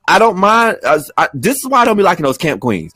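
Animated man ranting in lively swoops. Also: on the high side, fast, slightly rough, no echo, studio quality. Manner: animated, dramatic mock-angry rants. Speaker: podcast co-host. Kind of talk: casual chat.

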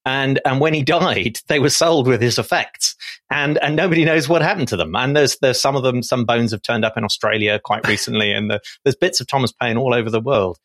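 A man, a guest historian telling anecdotes in an animated way, laughing often. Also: medium pitch, fairly quick, dry recording. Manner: animated storyteller, laughs often, some restarts. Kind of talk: conversational podcast discussion.

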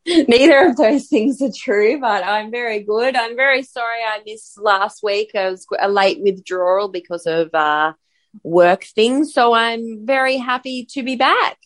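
A woman's voice: on the high side, moderate pace. A woman on a cricket podcast panel, bubbly and laughing often, talking in long runs. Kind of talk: casual podcast chat.

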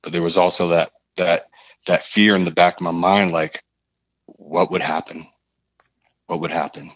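A man, a podcast guest, telling a personal story in a halting, earnest way, often repeating his phrases. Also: low voice, level tone, no room sound, highs cut off.

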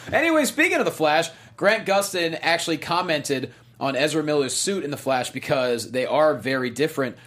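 A man co-hosting a movie news show, telling stories in casual chat with quick asides. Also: fairly high pitch, animated, fairly bright tone.

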